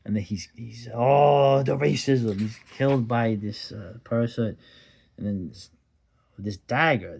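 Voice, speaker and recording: A man's voice: mid-range voice, darkish tone, husky. A man giving a casual, rambling review of an old comic, with digressions and sardonic asides.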